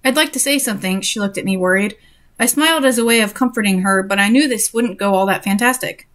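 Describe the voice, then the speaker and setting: A woman's voice: mid-range voice, a little fast, a bit bright. A young woman reading a story aloud and breaking off for sarcastic, exasperated comments on it. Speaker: reader and commentator.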